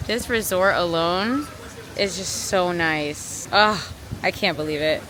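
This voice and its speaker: A young woman vlogging casually, gushing and excited as she shows around. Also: fairly low pitch, takes it slowly, a little hiss or hum. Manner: bubbly, gushing. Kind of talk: casual vlog narration.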